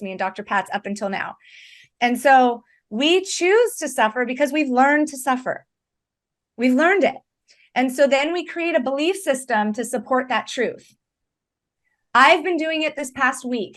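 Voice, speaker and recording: A woman talking as a recovery coach in an earnest, conversational way, emphatic and often checking in with "right?". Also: sits high. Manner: emphatic, animated, repeats "right?".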